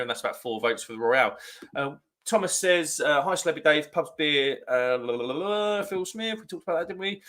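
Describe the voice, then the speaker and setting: A man's voice: mid-range voice, bright, forceful tone. A man hosting a casual beer-review live stream, chatting in a rambling way and reading viewer comments aloud.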